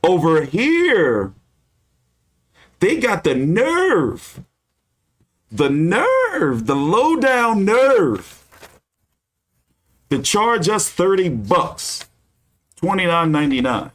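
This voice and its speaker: A man's voice: wildly swooping pitch, a bit bright, exaggerated voice. A man doing a bombastic old boxing promoter. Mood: indignant, grandiose. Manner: booming, drawn-out, theatrical preaching delivery. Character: impression of a famous boxing promoter, older man, bombastic and grandiose.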